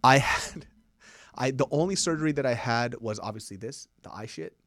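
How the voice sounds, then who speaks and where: A man co-hosting a podcast, telling stories in casual chat and loudly acting out the people he quotes. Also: mid-range voice, moderate pace, no room sound, clean studio sound. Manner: animated, swearing storyteller who acts out quotes loudly. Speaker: podcast co-host.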